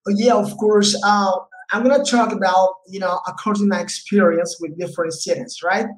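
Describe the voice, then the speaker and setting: A man's voice: sits high, fairly even intonation, a little fast. A man who speaks English with a Spanish accent and Spanish as his first language, a teacher chatting as a podcast guest with lots of fillers and "right?" tags. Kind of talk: casual podcast interview. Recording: echoey room with faint noise.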